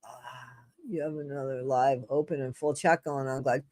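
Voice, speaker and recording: A woman's voice: medium pitch, little pitch movement, a little fast, no room sound. Chatty woman hosting a livestream, dry sound. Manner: chatty, talks to her live chat; apologetic. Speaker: livestream host. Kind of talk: casual livestream chat and reading aloud. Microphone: streaming setup mic.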